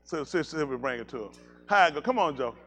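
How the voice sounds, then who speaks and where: Man, pastor, high voice, very lively pitch, teasing banter, animated outbursts, casual preaching. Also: fast talker, soft background music. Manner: animated, teasing, bursts into loud exclamations.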